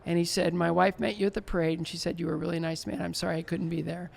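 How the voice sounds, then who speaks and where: Gravelly man in his sixties, storytelling. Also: on the high side, very fast, a crowd in the background. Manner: animated, laughs often, acts out remembered dialogue. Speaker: guest, former Olympic figure skater. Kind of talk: casual interview storytelling.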